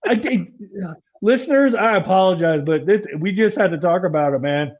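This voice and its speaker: A man's voice: sits high, lively intonation, moderate pace. A man hosting a podcast in casual chat, exclamatory and playful, with some swearing, on a slightly dull lo-fi recording. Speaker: podcast host.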